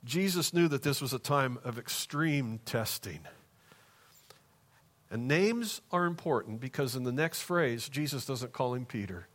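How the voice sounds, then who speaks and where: A pastor preaching a sermon in church, moving between hushed, slow passages and raised, emphatic ones. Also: male voice, mid-range voice, expressive.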